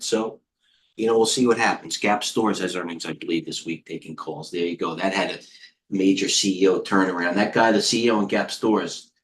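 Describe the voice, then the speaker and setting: Middle-aged man, fairly low voice, casual market commentary, rambling asides, talks to himself. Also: fairly bright tone. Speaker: trading coach and live stream host. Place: indoor room with a heater on.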